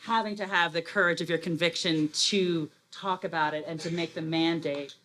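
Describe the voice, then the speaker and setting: A woman with a lower voice speaks frankly on a panel discussion. She is outspoken and direct. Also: steady tone, moderate pace, fairly bright tone, slight background noise. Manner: candid, outspoken. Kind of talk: panel talk.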